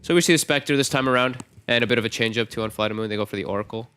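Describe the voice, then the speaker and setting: A man analysing a match at an esports desk, talking in an animated way and often laughing. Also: mid-range voice, very fast, smooth.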